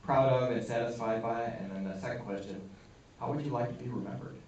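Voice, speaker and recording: A man's voice: medium pitch, a little fast, a little mellow. A man in the audience asking a question, polite and a little hesitant. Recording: echoey hall, distant, dull, noisy.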